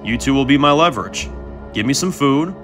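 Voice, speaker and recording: A man's voice: medium pitch, animated, a little fast, fairly bright tone, faint music behind, natural voice. Man doing Audrin, a taunting mercenary. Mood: menacing. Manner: drawling, mocking, calls people darling. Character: swaggering male mercenary with a chainsaw.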